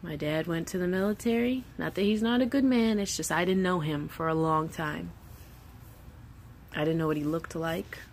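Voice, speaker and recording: Candid swearing mom rambling emotionally. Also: female voice, on the low side, normal speed, a little hiss or hum. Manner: candid, emotional, swears freely, acts out quoted voices. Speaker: mother of three. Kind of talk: casual vlog monologue.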